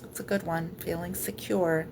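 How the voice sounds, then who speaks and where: Soft-spoken woman guiding a healing session. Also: lowish voice, little pitch movement, normal speed, background noise. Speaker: energy healer. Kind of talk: live-streamed healing session.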